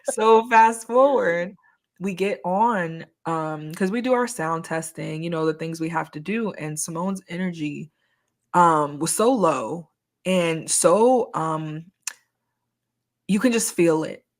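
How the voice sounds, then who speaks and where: A woman's voice: fairly low pitch, slow. A young woman co-hosting a podcast, talking frankly and slangily in a casual, candid chat. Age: young adult. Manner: frank, slangy, animated storytelling. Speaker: podcast co-host.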